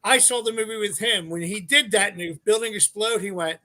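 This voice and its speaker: A man co-hosting a podcast, talking excitedly about a film, often laughing and swearing freely. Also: sits high, fairly quick. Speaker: podcast co-host. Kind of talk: casual film discussion.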